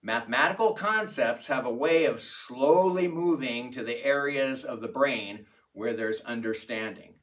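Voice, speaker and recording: A man narrating a personal anecdote in a reflective, unhurried storytelling manner. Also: mid-range voice, fairly bright tone, recorded from a distance. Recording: voice set back from the mic.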